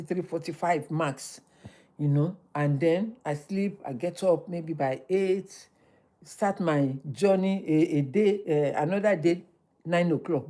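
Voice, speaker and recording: Animated woman giving life advice. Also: on the low side. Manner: animated, preachy, repeats phrases for emphasis. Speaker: livestream host. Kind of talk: motivational livestream talk.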